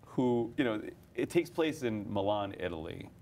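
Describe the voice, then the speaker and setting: A young man with a fairly low voice talks animatedly about his acting, often breaking into laughter and restarting sentences. A faint hiss of background noise sits under the recording. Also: lively intonation, moderate pace, darkish tone. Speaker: actor, interview guest. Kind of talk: casual interview chat.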